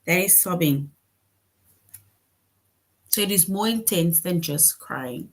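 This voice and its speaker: Female teacher, slow unhurried delivery, patient question-led explaining. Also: on the low side, animated. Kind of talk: online class lesson.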